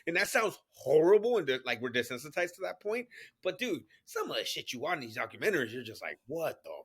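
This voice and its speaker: A man in his thirties co-hosting a podcast, talking in an animated, profane way and laughing often. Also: on the high side, fast, husky. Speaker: podcast co-host. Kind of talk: casual chat.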